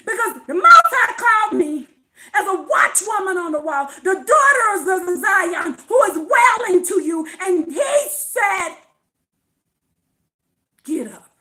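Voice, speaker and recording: A woman delivers an impassioned scripture sermon in a very high, bright voice that leaps up and down in pitch. She speaks slowly and repeats key words for emphasis. Her delivery swings from fervent shouts to hushed whispers. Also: sing-song. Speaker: preacher.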